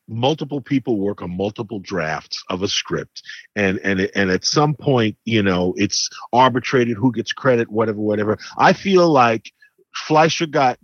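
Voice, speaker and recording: A man co-hosting a casual movie review chat, measured and thinking aloud with fillers. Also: medium pitch, no echo, muffled recording. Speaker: film critic co-host.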